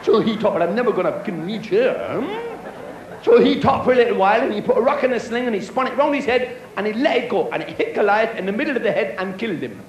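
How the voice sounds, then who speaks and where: A man's voice: sits high, expressive, quick pace, highs cut off. A man doing a cocky foul-mouthed schoolboy. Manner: cocky, crude, bluffing. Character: cheeky foul-mouthed schoolboy telling a story. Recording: echoey club with crowd and noise.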